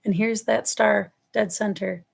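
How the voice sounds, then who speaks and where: A woman's voice: medium pitch, steady tone, a little slow, vocal fry, husky. A woman with a New York accent giving a casual live tarot reading, rambling affectionately and calling her viewers loves and darling. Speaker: tarot reader. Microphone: webcam or phone on a livestream.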